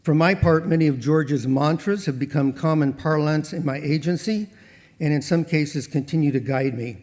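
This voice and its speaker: A man giving a prepared speech at an awards ceremony, accepting an honor for his late mentor and delivering quoted sayings in a measured, dry way. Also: a little high, darkish tone, in a large hall.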